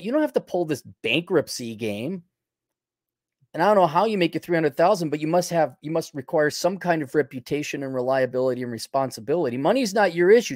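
Blunt Midwestern man, higher-pitched voice. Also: darkish tone, dry recording, studio quality. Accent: Milwaukee, Upper Midwest. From Milwaukee, Wisconsin. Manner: blunt, opinionated, drops into mock voices. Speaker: podcast host reading viewer donations. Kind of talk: casual livestream commentary.

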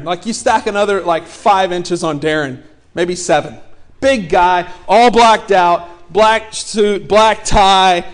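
Animated high-voiced male pastor. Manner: animated, joking, acts out the people in his story. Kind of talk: sermon storytelling.

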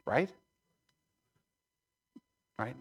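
A man preaching a sermon, earnest and emphatic, repeating phrases for emphasis and checking in with "right?". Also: drawn-out words. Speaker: pastor.

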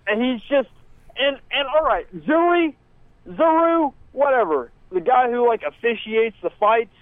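A man's voice: very high-pitched, animated, a little slow, dry recording. A man calling in to a show, rambling and profane. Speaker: caller. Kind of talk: casual call-in chat. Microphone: phone call from a parked car. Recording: tinny phone line.

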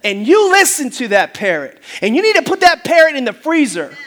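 High-voiced preaching pastor, animated. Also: male voice, a little fast. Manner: animated storytelling with funny voices and audience call-and-response; loud preaching bursts. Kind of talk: sermon.

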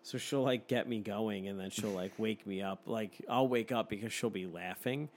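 A man's voice: lowish voice, moderate pace, slight background noise. A man in his thirties telling a story in casual chat, swearing freely and laughing often.

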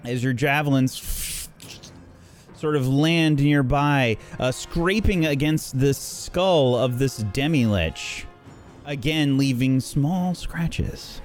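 A man narrating as game master in a tabletop game, relaxed and thinking aloud as he goes. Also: medium pitch, takes it slowly, faint music behind.

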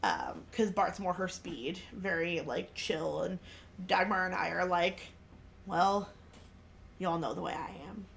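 Chatty woman host, bright tone, rambling storyteller's delivery, filler-heavy casual chat. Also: on the low side, animated, unhurried, creaky, slight background noise. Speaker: podcast host.

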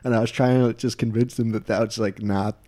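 A man's voice: on the low side, fairly even intonation, brisk, dark tone. A young man from New Jersey hosting a podcast in casual chat, rambling and restarting words as he goes. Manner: rambling, self-interrupting with repeated words. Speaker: podcast host.

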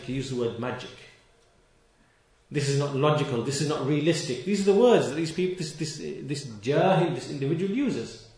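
A man preaching a sermon, stressing key words and repeating them, reciting scripture verses quickly in between. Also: fairly high pitch, animated, darkish tone, echoey room. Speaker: Islamic preacher.

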